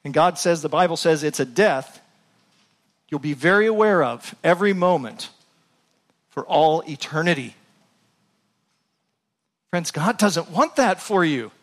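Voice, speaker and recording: A male pastor preaching a sermon in a slightly high voice. He speaks earnestly to his congregation and rises into impassioned appeals. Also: expressive, a little slow, long pauses. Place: church before a congregation.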